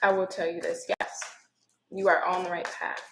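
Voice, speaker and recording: Earnest low-voiced woman reading tarot live. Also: little pitch movement, normal speed, echoey room, background noise. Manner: earnest, emotional, apologetic asides. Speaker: tarot reader.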